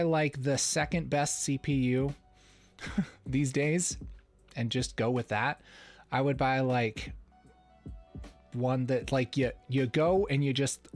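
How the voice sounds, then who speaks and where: A man hosting a casual livestream Q&A, playful and chuckling often as he reads the chat. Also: medium pitch. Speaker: livestream host.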